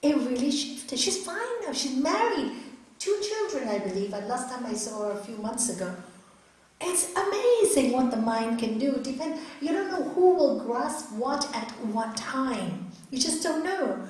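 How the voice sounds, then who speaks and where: A middle-aged woman giving an earnest, expressive spiritual talk as a raja yoga teacher to an audience in a hall. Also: high-pitched, unhurried. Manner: earnest, expressive, acts out quotes. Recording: echoey hall, distant mic, faint noise.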